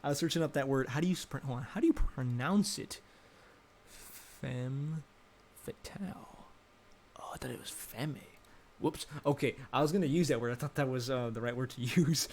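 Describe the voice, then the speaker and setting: A man's voice: medium pitch, fast talker, hardly any pauses. A young adult man giving casual, rambling commentary, thinking aloud and correcting himself as he goes. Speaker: vlogger.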